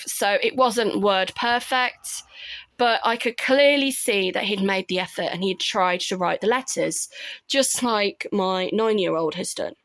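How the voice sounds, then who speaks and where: A woman, telling stories about her children in an animated way. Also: mid-range voice, no echo. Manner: animated storytelling, acts out her kids' voices. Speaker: parent vlogger. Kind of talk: casual chat.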